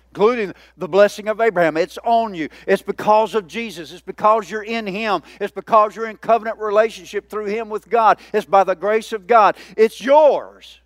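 A man preaching a sermon as pastor, a lively, joking speaker who keeps calling out to his congregation. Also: high voice, no echo, studio quality.

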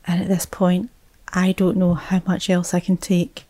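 A woman tells a story from her life as a mother with a mellow, soft-edged tone. She takes her time over each phrase, reflective and unhurried, and now and then sinks into a hushed whisper. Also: lowish voice, completely flat delivery, dry recording. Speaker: mother telling a personal story. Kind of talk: personal storytelling.

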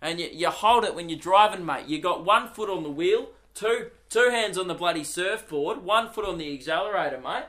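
A brash, breezy Australian surfer bloke, as a man puts him on, sure of himself and full of cocky banter. The voice sits a touch high and sounds bright and forceful. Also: expressive, normal speed, few pauses. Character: brash laid-back male surfer bloke.

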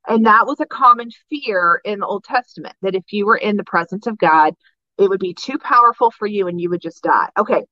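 A woman's voice: a little high, sharp tone, no echo, dull audio. Chatty woman teaching a Bible story. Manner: chatty, enthusiastic, many "like" and "right?" asides. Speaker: devotional podcast host. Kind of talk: casual Bible devotional teaching.

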